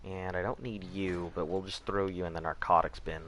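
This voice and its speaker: A man with a fairly low voice streams a video game in a laid-back, rambling way. He swears casually and keeps answering chat as he plays. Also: level tone, moderate pace, fairly bright tone, a little hiss or hum. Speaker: gaming streamer.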